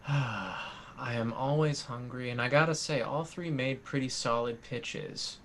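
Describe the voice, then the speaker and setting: Slow-talking man judging a game. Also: mid-range voice, a bit bright, slight background noise. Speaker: improv game judge. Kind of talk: casual game banter.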